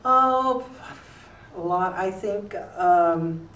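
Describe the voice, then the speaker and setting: An older woman, a retired newspaper columnist, tells rambling, warm anecdotes full of fillers in a relaxed interview set in a school room. Her mid-range voice moves extremely slowly, and the roomy recording comes from a distant mic with faint noise.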